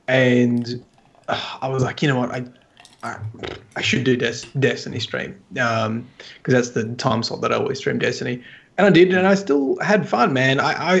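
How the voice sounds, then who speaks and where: A man's voice: mid-range voice, muffled recording. A man co-hosting a gaming podcast, talking casually and stumbling over his sentence openings. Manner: halting, repeats words as he starts sentences. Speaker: podcast co-host and streamer.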